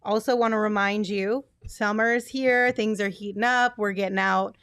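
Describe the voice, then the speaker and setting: A woman's voice: mid-range voice, fairly even intonation, normal speed, a bit bright, clean tone, no room sound, studio quality. A woman hosting a sports podcast in casual chat, reading promos in an upbeat way. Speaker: podcast host.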